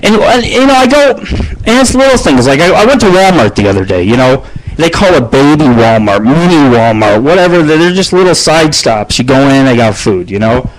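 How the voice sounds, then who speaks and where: A man's voice: a little high, big pitch swings, moderate pace, poor audio. A middle-aged man hosting his own radio show, telling crude stories in a profane, boastful ramble. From United States.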